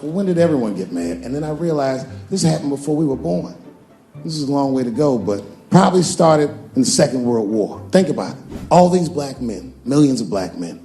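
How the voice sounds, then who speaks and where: A man's voice: mid-range voice, a little mellow. A man performing stand-up comedy, telling a family story in a conversational way. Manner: conversational storytelling with punchline timing.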